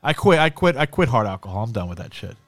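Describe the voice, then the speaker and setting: A man's voice: mid-range voice, very animated, quick pace, a bit bright, no room sound. A man co-hosting a podcast in casual, profane chat, saying bro a lot. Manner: swears constantly, says bro a lot. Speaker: podcast co-host.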